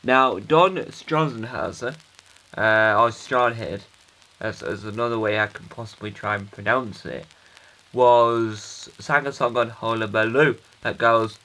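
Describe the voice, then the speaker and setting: A man's voice: lowish voice, unhurried, pushed and bright, poor audio. A man playing an earnest, rambling dad who records a hesitant, self-interrupting video diary for his kids. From United Kingdom. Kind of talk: comic character monologue.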